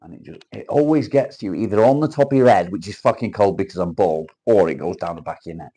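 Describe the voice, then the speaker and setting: A man's voice: deep voice, fast, warm tone, husky. A man hosting a casual livestream, reading viewer comments aloud and bantering crudely. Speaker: livestream host.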